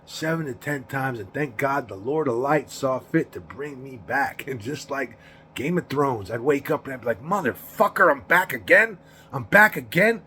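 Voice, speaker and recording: Recounting his past on a vlog, a man in his forties rambles and swears, repeats himself, laughs between lines, and keeps asking "you know what I mean." He speaks at a moderate pace with medium pitch, over a little hiss or hum.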